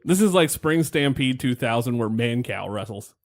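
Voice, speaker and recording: A man's voice: medium pitch, lively intonation, normal speed. A man hosting a podcast, rambling through a wrestling match recap in casual chat, wry and laughing, with the odd swear. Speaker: podcast host.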